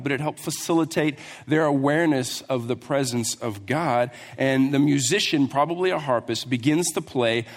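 Animated preacher in a reverberant church. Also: male voice, medium pitch. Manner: animated storytelling, acting out the characters. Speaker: pastor. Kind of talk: sermon. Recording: long hall reverb.

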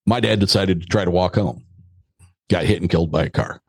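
A man's voice: sits low, a little fast, darkish tone, slightly rough, no echo. A middle-aged American man, a podcast guest, telling a story in a casual, blunt and joking way, with some mild swearing.

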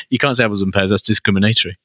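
A male podcast co-host with a bright, forward voice, bantering in a laid-back way. The recording is dry, with no room sound. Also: lowish voice, fairly even intonation, rapid-fire, dry recording. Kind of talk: casual podcast chat.

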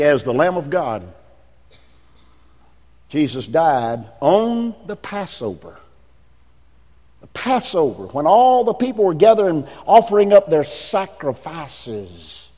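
A male pastor preaches in a high, lively voice that leaps up and drops low. He swings between forceful emphasis and near-hushed asides. The sound carries a long echo, as in a large hall. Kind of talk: sermon.

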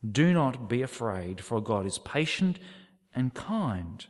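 Male preacher, expressive scripture reading, lively pitch, long church-hall reverb. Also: takes it slowly. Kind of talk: sermon.

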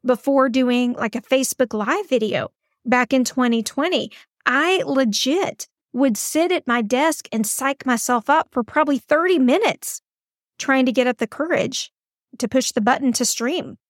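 Woman, podcast host, chatty and encouraging, higher voice, dry close sound. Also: measured pace, no room sound. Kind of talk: casual advice podcast.

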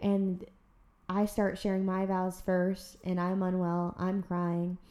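A woman podcast host telling a personal story in a casual, animated chat. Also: on the low side, slow. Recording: roomy echo.

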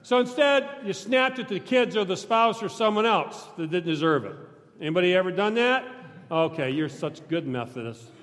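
A male pastor preaching a sermon in a large church, talking conversationally and joking with the congregation, sometimes breaking into shouts. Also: high voice, lively intonation, normal speed. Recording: long church reverb.

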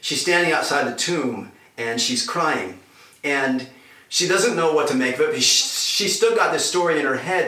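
A male pastor preaching a sermon and retelling scripture as an animated story, heard from a distance in an echoey room. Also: fairly high pitch, moderate pace.

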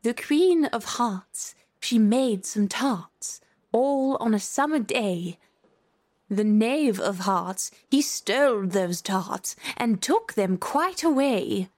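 A woman voicing the White Rabbit, a fussy, flustered male herald with a high, ringing call. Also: animated, slow pace, darkish tone, no echo. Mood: proclaiming.

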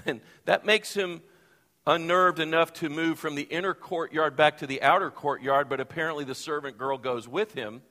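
A man preaching a sermon from the pulpit, expressive, acting out the Bible quotes he tells. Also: fairly high pitch, moderate pace. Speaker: pastor. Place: church sanctuary. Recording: long reverb of a church hall.

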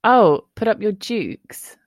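A woman's voice: mid-range voice, very animated, slow, dry recording, studio quality. A young woman hosting a podcast, chatting casually with lots of "like" and frequent giggles. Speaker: podcast host. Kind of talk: casual chat.

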